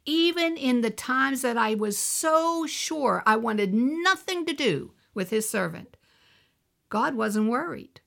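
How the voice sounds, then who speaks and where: Gravelly-voiced woman telling a testimony. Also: fairly high pitch, animated, takes it slowly, a bit bright. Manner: earnest storytelling, acts out quoted voices. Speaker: minister. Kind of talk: testimony sermon.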